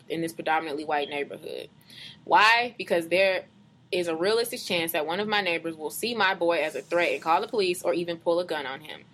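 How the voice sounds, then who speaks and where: A woman with a somewhat low voice in a relaxed conversation. She reads a long passage aloud in a slow, deliberate way. Between readings she chats with easy asides and fillers. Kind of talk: casual chat, reading a post aloud.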